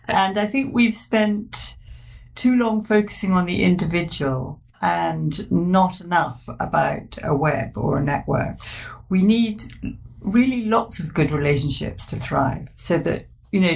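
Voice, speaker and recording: Low-voiced woman, measured and thoughtful. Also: gravelly. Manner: thoughtful, measured, laughs easily. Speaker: psychotherapist and author guest. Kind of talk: warm reflective conversation.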